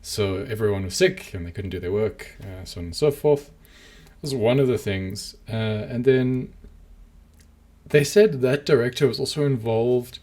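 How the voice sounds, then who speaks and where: A man's voice: mid-range voice, a little mellow. A man co-hosting a podcast, chatting casually and rambling, with lots of fillers and restarts. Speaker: podcast co-host.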